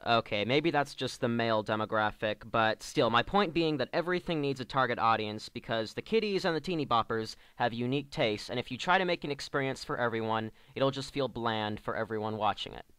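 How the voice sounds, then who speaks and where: A man's voice: mid-range voice, lively intonation, a little fast, few pauses, a bit bright, smooth, no room sound. A man delivering a scripted comedic review rant as an online reviewer, sarcastic and exasperated.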